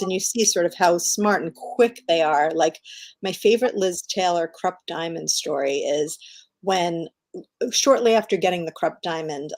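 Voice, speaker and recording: A middle-aged woman, a guest author, chatting enthusiastically over a video call about her work and telling lively stories. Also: on the low side. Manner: enthusiastic, animated storyteller. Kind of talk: casual interview chat.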